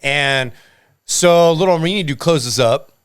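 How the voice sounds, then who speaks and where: A man, telling tattoo shop stories in casual chat, loud and profane when acting out quotes. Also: fairly high pitch, clean tone. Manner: fast, profane storyteller with loud acted-out quotes. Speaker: tattoo artist.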